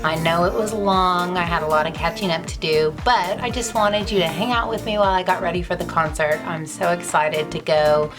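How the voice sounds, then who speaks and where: Woman, beauty vlogger, bubbly and rambling, slightly low voice, soft music behind. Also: fairly quick, hardly any pauses. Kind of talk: chatty get-ready-with-me vlog.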